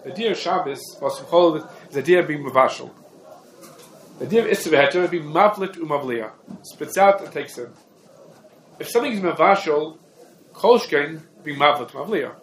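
A man giving a Torah lesson on halacha, talking in quick, emphatic bursts and repeating key terms. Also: fairly high pitch, animated. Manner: rapid, repetitive, emphatic teaching with heavy Hebrew terms. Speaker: Torah teacher. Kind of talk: halachic lecture. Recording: echoey room with faint ambient noise.

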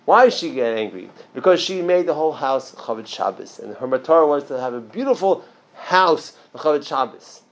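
A man leads an informal religious class in a conversational style, restarting sentences and making asides. He speaks at a normal speed with big pitch swings, jumping up in pitch and loudness to stress his points.

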